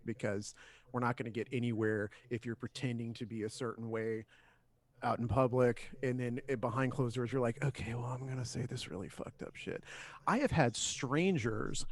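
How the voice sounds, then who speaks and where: Rambling, swearing male podcast co-host. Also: mid-range voice. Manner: rambling, swears often, many restarts. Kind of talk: casual chat.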